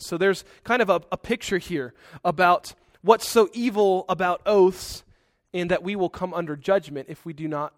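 A male pastor delivers a sermon, breaking in with earnest, conversational asides. His voice is fairly high, and he speaks at a moderate pace with hardly any pauses. The recording is dry and close-miked, with no echo.

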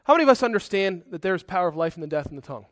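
Earnest pastor preaching a sermon. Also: male voice, sits high, very animated, racing, a bit bright, dry recording, clean studio sound. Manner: earnest and conversational, with asides.

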